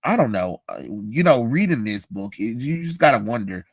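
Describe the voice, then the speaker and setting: A man's voice: mid-range voice, sing-song, normal speed. Sarcastic streamer man with a runny nose. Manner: sarcastic and dismissive, rambling asides. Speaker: streamer reading a comic book aloud. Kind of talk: casual live-stream reading with commentary.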